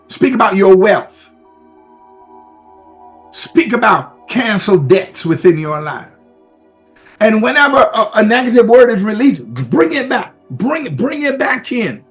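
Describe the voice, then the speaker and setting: A male pastor preaching a sermon with emphatic, repetitive exhortations and sudden shouts. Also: very high voice, sing-song, a little slow, faint music behind.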